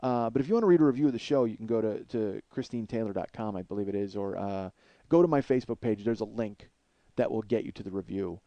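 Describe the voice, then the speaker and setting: A man's voice: fairly low pitch, fast talker, warm tone, no room sound, lo-fi sound. A man in his forties hosting a podcast, rambling in a self-deprecating, swear-heavy comedic monologue. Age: 40s. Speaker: podcast host.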